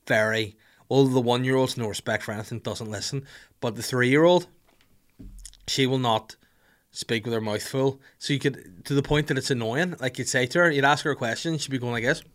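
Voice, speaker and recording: A man's voice: medium pitch, moderate pace. A man in his thirties with a Northern Irish accent, hosting a podcast in a casual comedic rant and acting out little scenes. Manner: animated, jokey, acts out little scenes with voices. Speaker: podcast host.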